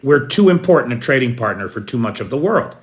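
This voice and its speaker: An American man hosting a casual live news stream at night, greeting viewers by name in an unhurried way. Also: medium pitch, very animated. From United States. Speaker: news host. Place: apartment in a city at night.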